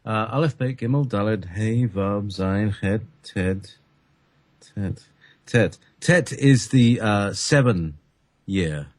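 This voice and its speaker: A man's voice: on the low side, slow pace, no echo. A man from Britain, a guest on a radio talk show, speaking hesitantly with many fillers.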